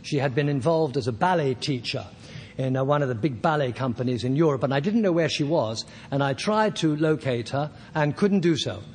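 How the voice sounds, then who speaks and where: An older man at a recovery meeting, telling his personal story in a halting, self-deprecating way with soft laughs. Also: mid-range voice, lively intonation, in a large hall, slight background noise.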